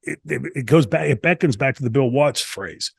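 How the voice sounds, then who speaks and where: A man's voice: medium pitch, expressive, moderate pace, gravelly, breathy edge, no echo. A man from the United States, a guest in an interview, telling long rambling stories with many restarts. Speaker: interview guest, former wrestler. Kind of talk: casual shoot interview storytelling.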